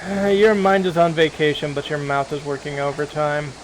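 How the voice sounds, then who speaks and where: A man's voice: on the high side, little pitch movement, slight background noise, close to an everyday voice, rough recording. Man playing a sneering factory foreman. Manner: brisk, sneering.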